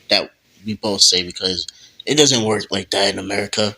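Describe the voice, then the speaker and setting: A man with a fairly low voice tells a made-up story in relaxed slang, acting out bits of dialogue as he goes. The tone is very bright and sharp. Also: moderate pace, gravelly, poor audio. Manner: slangy, animated, acts out dialogue. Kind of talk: casual improvised role-play storytelling.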